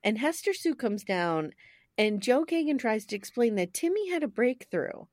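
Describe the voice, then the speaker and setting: A woman co-hosting a podcast in casual chat, animated and laughing often as she talks. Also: fairly high pitch, moderate pace, dry recording, studio quality. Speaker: podcast co-host.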